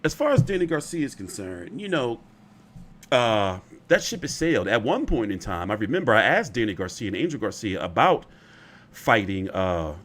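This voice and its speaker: A man's voice: fairly low pitch, big pitch swings, normal speed, fairly bright tone. A man hosting casual boxing commentary, rambling and opinionated, often profane.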